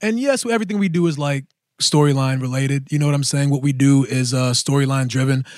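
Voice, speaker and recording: A man in his thirties, co-hosting a podcast, telling a story in a casual, animated way and acting out the voices of people he quotes. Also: medium pitch, fairly quick, dry recording, clean studio sound. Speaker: podcast host.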